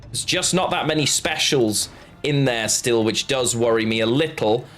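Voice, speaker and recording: A man's voice: medium pitch, normal speed, fairly bright tone, soft background music. A man chatting casually on a live stream while playing a card game, rambling and answering his chat.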